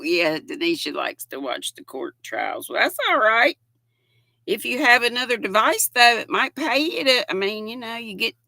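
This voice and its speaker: An older American woman with a Southern accent chats casually on a livestream from home, reading viewer comments aloud and greeting people by name in a folksy manner. Her voice is a little high, creaky, and sharp, with no echo.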